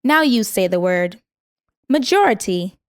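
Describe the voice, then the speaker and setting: A woman reading a scripted vocabulary lesson in a measured way, saying each word twice so learners can repeat it. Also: medium pitch, expressive, dry recording, studio quality. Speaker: vocabulary instructor.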